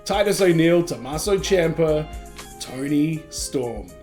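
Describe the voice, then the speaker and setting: A man hosting a gaming channel, reading out a game roster in casual reaction commentary with quick asides between names. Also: on the high side, animated, a little mellow, soft background music.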